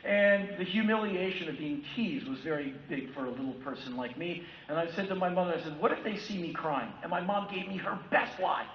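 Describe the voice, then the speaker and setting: A man in his fifties from the United States giving a keynote talk, telling personal stories in an animated way and acting out other people's voices. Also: high-pitched, a little fast, few pauses, slight background noise. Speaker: keynote speaker. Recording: echoey hall from far off, dull lo-fi sound with faint ambience.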